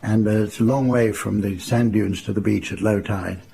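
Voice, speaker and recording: Gravelly older man telling dry anecdotes. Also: lowish voice, steady tone, mellow. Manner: dry, unhurried, wry understatement. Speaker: raconteur. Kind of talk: anecdotal storytelling to a live audience.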